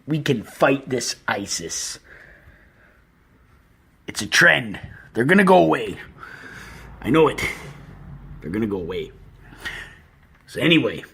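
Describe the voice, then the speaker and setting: A man doing a husky, blustering rock-star dad. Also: mid-range voice, sharp tone, exaggerated voice. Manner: rambling, self-righteous storytelling with slow pauses. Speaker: podcast host. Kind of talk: comedic impression monologue.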